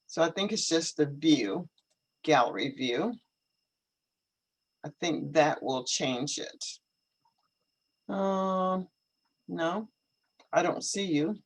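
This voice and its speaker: A mid-range voice belongs to an English teacher hosting a casual live stream on a computer video call, in a low-quality recording. He repeats questions and thinks aloud as he adjusts the setup.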